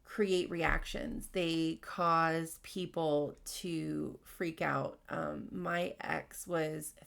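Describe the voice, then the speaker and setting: A woman's voice: low-pitched, steady tone, extremely slow, gravelly, fairly bright tone. A woman hosting a podcast, giving frank, casual workplace advice with plenty of fillers. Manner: frank, conversational, with many fillers. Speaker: podcast host.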